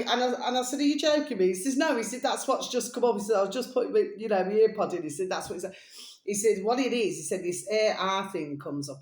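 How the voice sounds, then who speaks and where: A woman's voice: mid-range voice, echoey room. A woman chatting in a rambling, casual monologue, calling her listeners her little babies. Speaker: vlogger.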